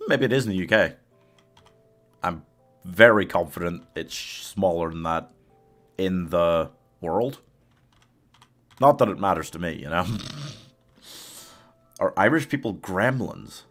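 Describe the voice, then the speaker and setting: A man's voice: deep voice, animated, slow, long pauses, a bit bright, faint music behind. A man streaming a game live, chatting casually with his chat, laughing often and coaxing his companion along. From United Kingdom.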